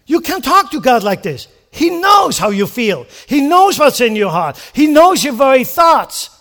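Male pastor with a high voice, preaches an animated sermon, keeps asking the congregation questions. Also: unhurried. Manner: animated preaching with rhetorical questions and acted-out prayers.

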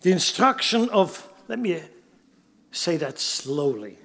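A man's voice: high-pitched, sing-song, slow, creaky, fairly bright tone. A pastor preaching a sermon in an emphatic way, often putting rhetorical questions to his congregation. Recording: long hall reverb.

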